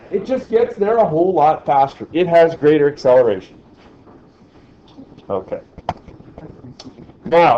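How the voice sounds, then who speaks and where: A man's voice: a little high, highs cut off, a little hiss or hum. Man teaching a physics class. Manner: chatty, asks the class questions. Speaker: science teacher.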